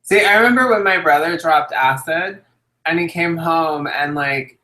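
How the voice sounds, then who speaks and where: A young adult woman co-hosts a casual chat, telling stories with lots of animation and frequent laughter. Her voice is bright and forceful, and it rings through a roomy, echoey space. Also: deep voice, normal speed. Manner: animated storyteller, laughs often. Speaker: co-host. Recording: echoey room.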